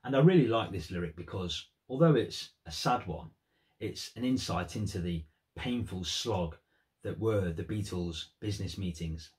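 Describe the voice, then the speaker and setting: A man's voice: deep voice, expressive, normal speed, darkish tone. A man giving earnest, thoughtful commentary on song lyrics in a vlog. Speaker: music vlogger.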